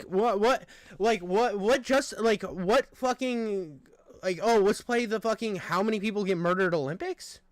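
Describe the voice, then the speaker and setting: A young man with a high-pitched voice rants on stream, swearing freely and arguing straight at a critic. The sound is dry and close. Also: no echo. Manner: profane, argumentative, addressing a critic directly. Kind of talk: heated live-stream rant.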